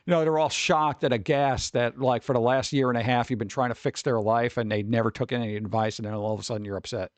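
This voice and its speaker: A man's voice: mid-range voice, fairly even intonation, quick pace, hardly any pauses, no echo. A man streamer chatting casually and rambling with his live chat, swearing freely and talking straight to his viewers.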